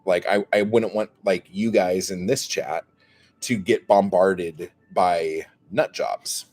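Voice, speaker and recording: A man's voice: deep voice, fairly even intonation, slow pace, darkish tone. A man ranting casually to his live chat as a YouTuber, rambling, with lots of "like" fillers and some swearing. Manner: rambling, heavy on "like" fillers, profane.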